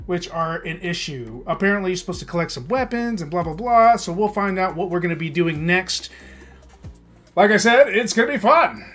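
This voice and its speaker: A man's voice: high voice, a bit bright. A man opening a game stream with casual chat, then venting in a heated, profane, repetitive way. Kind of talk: casual stream intro turning into a rant.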